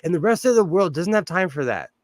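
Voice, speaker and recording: Chatty Southern Californian man, fairly high. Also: very animated, fast talker, dry recording. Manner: rambling, chatty, laughs often. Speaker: livestream host. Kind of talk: casual livestream chat.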